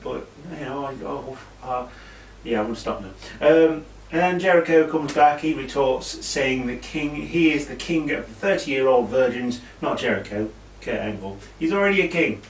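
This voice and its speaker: A British man casually recapping an old wrestling event, rambling with asides and fillers. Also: medium pitch. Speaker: wrestling show reviewer. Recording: echoey room, mic at a distance, faint hiss.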